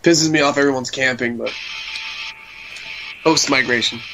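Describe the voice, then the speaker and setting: A man's voice: medium pitch, normal speed, low-quality recording. A young man hosting a casual gaming podcast, swearing and ranting with frustration as he plays. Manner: profane, ranting and frustrated, trash-talking. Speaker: podcast host. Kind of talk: casual gaming chat while playing. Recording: music playing behind the voice.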